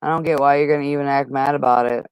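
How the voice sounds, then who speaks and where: A man's voice: medium pitch, fairly even intonation, fast, heavy background noise. A man hosting a livestream, arguing with chat in a heated, profane, casual way. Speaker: livestream host.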